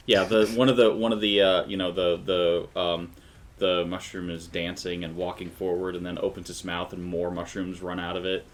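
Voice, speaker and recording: A man acting as game master for a tabletop game, talking in a halting way with many fillers and restarts. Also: deep voice, level tone, a little hiss or hum.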